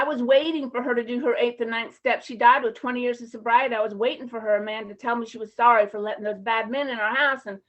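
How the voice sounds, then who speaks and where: A woman with a high voice tells her recovery story in a frank, casual, openly emotional way, dropping slang as she goes. The sound is muffled, lo-fi conference audio. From Champaign, Illinois area. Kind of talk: personal recovery talk.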